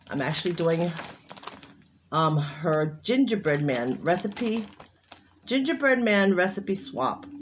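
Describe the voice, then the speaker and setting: A woman's voice: lowish voice, a little hiss or hum. Gushing woman unboxing craft mail. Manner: gushing, exclaims over each item. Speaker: crafting vlogger. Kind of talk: casual unboxing chat.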